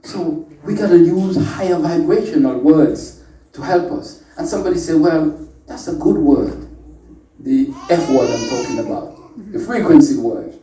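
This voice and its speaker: A man with a rather high but very dark, mellow voice gives a chatty talk to a group, often calling out to them for answers. He sounds set back from the microphone. The room has a roomy echo. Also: moderate pace, a little hiss or hum. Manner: playful, chatty, calls out to the audience. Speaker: speaker at a spiritual workshop. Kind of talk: informal lecture to a live group. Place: indoor meeting room with an audience. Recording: echoey room, voice from a distant mic.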